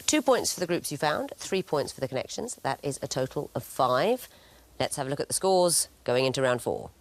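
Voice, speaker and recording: A woman hosting a quiz show, reading scripted links and giving verdicts with a dry wit. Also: sits low.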